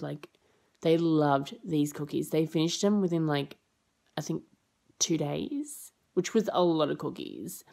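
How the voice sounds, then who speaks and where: A woman's voice: steady tone, measured pace, vocal fry, dark tone. A young adult woman vlogging as an au pair, rambling casually with lots of fillers and acting out what people said. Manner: rambling and chatty, full of fillers; acts out quoted lines with high jumps in pitch. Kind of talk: casual chatty vlog.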